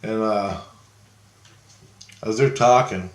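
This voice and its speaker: A man's voice: fairly low pitch, slow pace. A middle-aged man casually telling a long story in a rambling way, chuckling often and raising his voice for the people he quotes. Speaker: storyteller recounting visions. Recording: roomy, echoey room sound.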